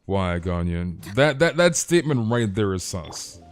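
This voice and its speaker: A man's voice: on the low side, very animated, unhurried, no room sound, soft background music. A young man streaming a game, chatting casually in slang and often stumbling over repeated words. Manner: stammering repeats, slangy, reads chat aloud. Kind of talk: casual live-stream chat while gaming.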